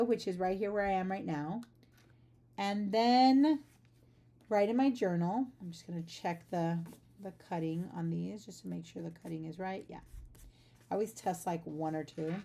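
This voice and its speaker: A woman's voice: mid-range voice, warm tone. A chatty, rambling woman hosting a casual livestream from her home art studio, talking to viewers while packing orders. She sounds sleepy. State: sleepy, just up. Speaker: livestream host, artist.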